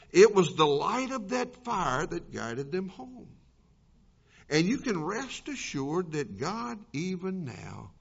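A man preaching a sermon and telling a story dramatically, swinging between loud and soft passages. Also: a little high. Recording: dull lo-fi recording.

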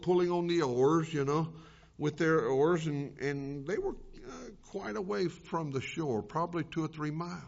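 A man preaching a sermon in a fairly high voice, telling a story with big swings between loud and hushed passages. The recording is dull and lo-fi.

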